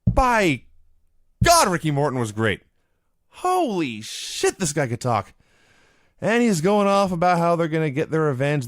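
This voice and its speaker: A man co-hosting a casual chat show, telling stories with lively energy and shouting out the lines he quotes. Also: mid-range voice, dry recording, studio quality. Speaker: podcast co-host. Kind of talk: casual chat recapping old wrestling.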